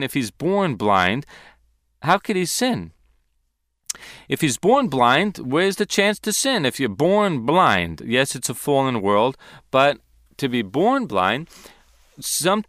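A man's voice: mid-range voice, a bit bright, no echo, studio quality. A man teaching a sermon on scripture, emphatic and dramatic when acting out quoted voices. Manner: emphatic, dramatic quoting of disciples. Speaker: Bible teacher.

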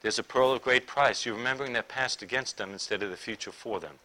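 Male preacher, bright forceful tone, emphatic delivery that moves from loud to hushed. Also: mid-range voice, fast talker. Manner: emphatic, swinging between loud declaring and quiet intimate asides. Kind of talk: sermon.

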